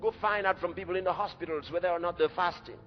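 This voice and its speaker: A man's voice: high voice, steady tone, fast talker. A man preaching a sermon in an emphatic, dramatic way. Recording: dull echoey hall recording with faint music.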